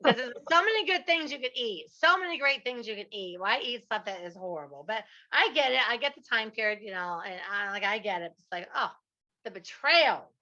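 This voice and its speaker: Woman interview host, high bright voice, animated storyteller, dull lo-fi sound. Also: a little fast. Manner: animated storyteller, drawls out punchlines. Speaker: podcast host. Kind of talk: casual interview chat.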